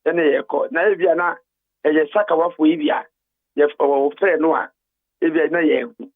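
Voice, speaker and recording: A man's voice: on the high side, fairly even intonation, fairly quick, no echo. A man calling in to a radio talk show, telling an account with emphatic stress and repeating words to drive his points home. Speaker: phone-in guest. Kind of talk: animated phone-in account. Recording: tinny phone line.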